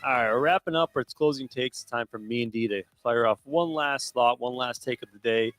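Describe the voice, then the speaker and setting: A man's voice: medium pitch, fairly quick, a bit bright, soft background music. A man co-hosting a sports podcast, chatting loosely and laughing often. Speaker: podcast co-host. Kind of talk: casual sports chat.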